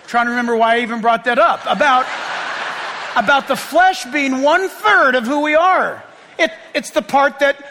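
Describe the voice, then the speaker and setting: Male pastor, high gravelly voice, bright tone, casual joking sermon, long church reverb. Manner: chatty storytelling with self-deprecating humor.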